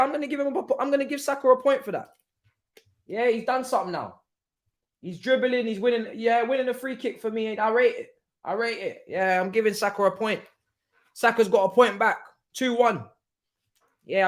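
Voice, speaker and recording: Hosting a live football watchalong, a young man talks in an excitable, slangy way with a high voice. He laughs often and swings from loud outbursts to quiet asides.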